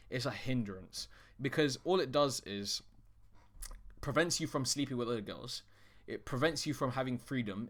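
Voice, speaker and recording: A man's voice: medium pitch, a bit bright. A man coaching on dating in a casual, direct-to-camera talk. He is blunt and swears freely, often restarting his sentences mid-thought.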